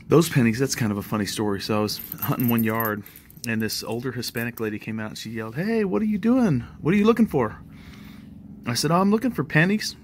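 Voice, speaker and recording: A man's voice: mid-range voice, fairly bright tone, a little hiss or hum. A middle-aged man, chatting easily and rambling a bit as he talks through his metal detecting finds in a casual vlog.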